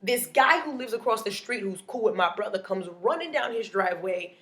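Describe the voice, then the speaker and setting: A woman comedian telling a comic story in an animated, punchy way, often adding "okay?". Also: mid-range voice, brisk.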